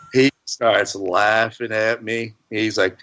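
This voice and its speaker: Folksy low-voiced man telling a story. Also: fairly even intonation, slow, fairly bright tone, dull audio. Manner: rambling, folksy, laughs through the story. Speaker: hunting guest. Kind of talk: casual storytelling.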